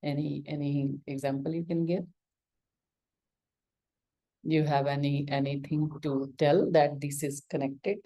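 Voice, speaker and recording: A woman's voice: low voice, steady tone, measured pace, pauses often, warm tone. A woman with an Indian accent teaching a yoga lesson, coaxing answers from her student with questions and acted-out examples.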